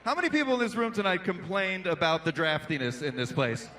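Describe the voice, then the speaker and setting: A man doing stand-up on an arena stage, his voice pitched high and bright with a sharp edge. He lands jokes with a punchy rhythm and works the crowd between bits, speaking into a handheld mic. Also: brisk, a little hiss or hum. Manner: punchy, playful, riffs with the crowd. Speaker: comedian and emcee. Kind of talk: stand-up comedy set. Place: large indoor arena stage.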